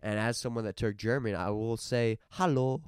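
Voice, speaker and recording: A man's voice: lowish voice, steady tone, brisk, clean tone, no echo, studio quality. A young man co-hosting a podcast in easygoing, jokey casual chat. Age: young adult. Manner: easygoing, jokey, rates things out loud. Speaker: podcast co-host.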